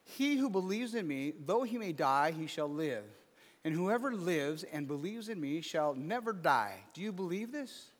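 Man, pastor, high-pitched voice, sermon, scripture reading mixed with casual asides, long hall reverb. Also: big pitch swings, moderate pace. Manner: reads scripture aloud, then riffs with casual asides.

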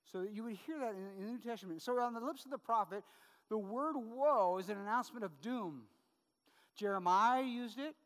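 A middle-aged man preaching a sermon as pastor, conversational and full of quick "right?" asides to the congregation. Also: sits high, fairly bright tone, long reverb tail.

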